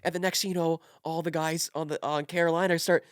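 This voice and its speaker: Fast-talking young man telling a story. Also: fairly high pitch, no echo, studio quality. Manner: animated, filler-heavy, acts out quotes. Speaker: podcast guest, content creator. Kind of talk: casual storytelling chat.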